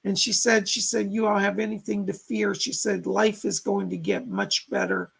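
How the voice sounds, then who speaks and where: A man's voice: high voice, moderate pace, gravelly, slightly rough. A man working as a psychic medium on a live stream. He leads a guided visualization and relays spirit messages with constant "he said" asides. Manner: talks listeners through a meditation in calm steps.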